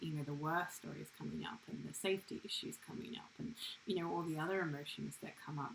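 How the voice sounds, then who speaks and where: A woman's voice: low voice, vocal fry, a bit bright, a little hiss or hum, poor audio. A woman hosting an interview and coaching, enthusiastic and affirming in casual chat. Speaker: host and coach.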